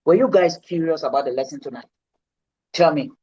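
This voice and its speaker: A woman's voice: low-pitched, a little fast, dark tone, slightly rough, dry recording, lo-fi sound. A woman coaching public speaking in a live online lesson, stressing and repeating her key words. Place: indoors, seated.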